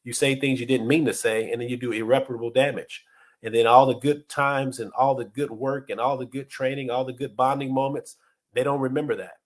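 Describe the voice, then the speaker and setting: A man's voice: medium pitch, steady tone, brisk. A middle-aged man hosting a podcast, giving casual motivational leadership advice in an earnest way, often restarting and repeating words. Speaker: podcast host and leadership coach.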